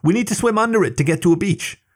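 A man voicing a brisk female beaver detective in a storybook reading, with an urgent, raised voice. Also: medium pitch, big pitch swings, a little mellow, slightly rough, pitched above the performer's own voice.

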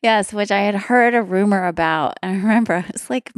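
A woman's voice: mid-range voice, brisk, dry recording, studio quality. A woman guest musician in a casual interview, telling a story with lots of laughs and acted-out dialogue. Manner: animated, laughing, acts out dialogue.

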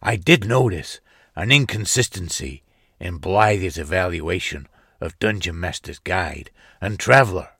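A man's voice: low-pitched, expressive, measured pace, hardly any pauses, bright, forceful tone, husky, no room sound, clean studio sound, full character voice. A man reading out a listener's letter in a put-on, over-the-top Brooklyn accent that drifts off course. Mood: earnest.

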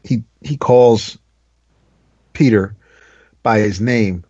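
A man's voice: lowish voice, extremely slow, dark tone, slightly rough, no room sound. A man in casual chat, chiming in agreeably with short remarks. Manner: agreeable, brief interjections. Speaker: podcast co-host. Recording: dull, slightly lo-fi dry sound.

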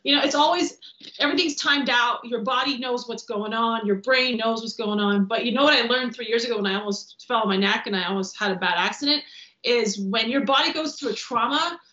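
Stunt woman guest, slightly high voice, animated, salty, recorded in an echoey room. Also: a little fast. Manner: animated, acts out quotes, swears freely. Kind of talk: casual podcast storytelling. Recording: roomy, dull lo-fi podcast audio.

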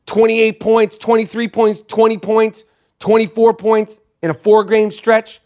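A man's voice: sits high, measured pace. Foul-mouthed man ranting about basketball. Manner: profane, animated, rambling. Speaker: podcast host. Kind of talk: casual sports podcast rant.

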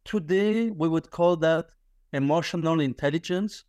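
A man in his fifties, a podcast guest telling a personal story in lively conversation, laughing often and restarting his sentences. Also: a little high, moderate pace, smooth, no room sound, clean studio sound.

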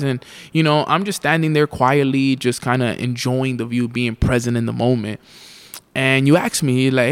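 A man giving a motivational talk. He tells a story straight to the listener, fills it with "you know", and repeats his key lines slowly for emphasis. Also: mid-range voice, fairly even intonation, clear, resonant tone. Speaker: motivational speaker.

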